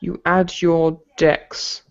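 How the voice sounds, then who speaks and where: A man runs a tabletop game as game master, hesitant and full of fillers. He talks slowly and easily. The recording is dull and lo-fi. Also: a little high, creaky. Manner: relaxed, hesitant, filler-heavy.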